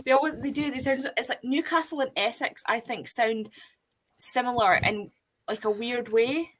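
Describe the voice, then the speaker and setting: A woman chatting casually on a stream, animated and quick to giggle. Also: on the high side, a little hiss or hum, rough recording. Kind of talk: casual chat.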